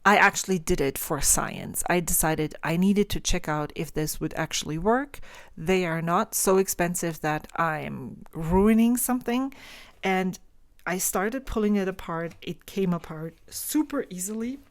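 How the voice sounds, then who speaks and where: A woman in her forties with a German accent, explaining pronunciation in a casual vlog and sounding out words slowly. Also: on the low side, no room sound, studio quality. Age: 40s. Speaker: stationery vlogger.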